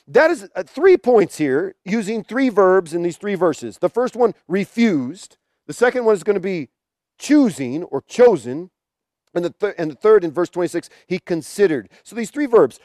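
A man preaching a sermon, telling a story in a halting way full of restarts. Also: high-pitched, sing-song, darkish tone, dry recording, studio quality.

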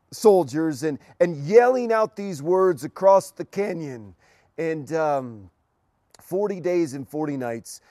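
A man with a somewhat high voice delivers an informal sermon. His talk is halting, with frequent restarts, and rises into emphatic rhetorical questions. The sound is dry and close, with no room echo. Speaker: pastor. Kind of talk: informal sermon to an engaged couple.

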